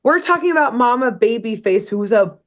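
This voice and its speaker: A woman's voice: a little high, expressive, a little fast, lo-fi sound, a loud crowd. A woman co-hosting a podcast, casually recapping a cartoon episode as a rambling, joking storyteller. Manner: chatty, rambling storyteller with laughs and asides. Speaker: podcast co-host.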